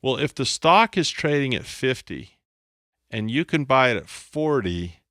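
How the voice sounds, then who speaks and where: A man's voice: medium pitch, very animated, unhurried, a bit bright, dry recording, studio quality. A man teaching a lesson at a board, playful and self-mocking, often repeating his phrases. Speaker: instructor. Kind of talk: explaining on a whiteboard.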